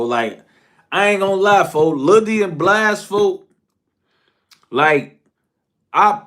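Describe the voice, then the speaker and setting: A man telling a casual story, slang-heavy and profane, jumping from shouted outbursts to low mumbled asides.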